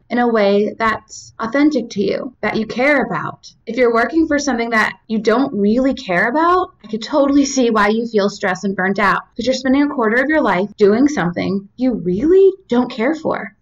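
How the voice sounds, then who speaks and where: A young woman talks through wellness advice in a casual, rambling way, full of little asides and fillers. Her voice sits fairly high. The sound is a bit distant from the mic and slightly dull. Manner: chatty and rambling, with many "like" fillers and side notes. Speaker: university staff member giving wellness advice. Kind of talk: casual self-help talk to camera.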